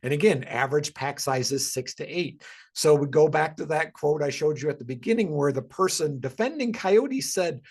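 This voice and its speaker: A man's voice: on the high side, expressive, moderate pace. A man giving a casual educational webinar talk about wildlife, conversational and full of ums and restarts.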